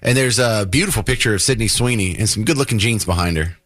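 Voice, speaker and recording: A man hosting a talk radio show, delivering a sarcastic, animated opinion monologue. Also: lowish voice, quick pace, noisy background.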